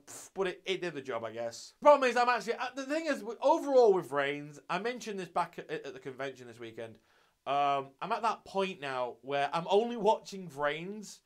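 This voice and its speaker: A man's voice: sits high, fairly bright tone. A young man hosting his channel, giving a loose, sweary, casual review of an anime episode with lots of restarts.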